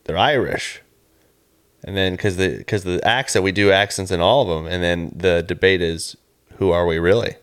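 A man's voice: deep voice, steady tone, fairly quick, fairly bright tone, smooth. A man co-hosting a comedy podcast, chatting casually, rambling and laughing often as he acts out what people say. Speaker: podcast co-host. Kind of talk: casual chat.

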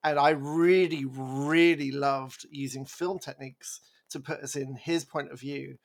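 A man co-hosting a podcast in casual chat, animated and rambling, laughing as he talks. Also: mid-range voice, a little slow. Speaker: podcast co-host.

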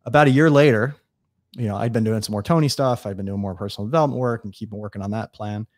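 A man from New York State, a guest in a casual interview, telling stories quickly and acting out what people said. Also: fairly low pitch, no echo, clean studio sound. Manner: fast, animated storyteller acting out dialogue.

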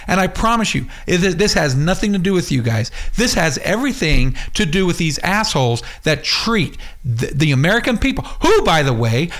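A man hosting an internet radio show launches into an angry, profane rant, yelling, cursing heavily and pitching his voice up in fury. Afterward he chats casually about upcoming shows.

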